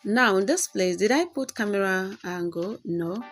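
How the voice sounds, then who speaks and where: A woman's voice: mid-range voice, lively intonation, moderate pace, faint music behind. A woman hosting a step-by-step tutorial, explaining as she goes and often checking in with "okay". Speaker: tutorial host. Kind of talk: screen-recording tutorial.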